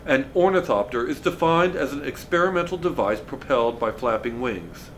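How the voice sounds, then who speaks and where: A man's voice: medium pitch, lively intonation, moderate pace, a bit bright, slight background noise. A man voicing a tiny, brainy, bossy boy who talks with precise, lecturing diction while reading a storybook aloud.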